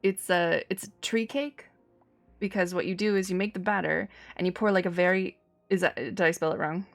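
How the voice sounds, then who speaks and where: A woman's voice: on the low side, fairly even intonation, brisk, vocal fry, soft background music. A woman from Cyprus, streaming a game in casual chat, talkative, laughing often and replying to her chat. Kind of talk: casual chat while gaming.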